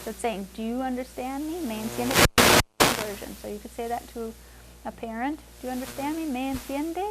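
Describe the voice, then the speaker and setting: A woman teaching conversational Spanish to adults, switching between English and Spanish and repeating phrases slowly for the learners. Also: fairly high pitch, heavy background noise. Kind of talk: classroom language lesson.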